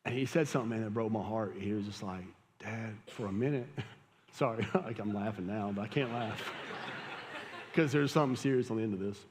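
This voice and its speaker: A man's voice: on the low side, brisk, a little hiss or hum. A man, preaching a sermon as a pastor, telling a casual, conversational story and laughing at it. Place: church hall with audience. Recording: live church hall with long reverb.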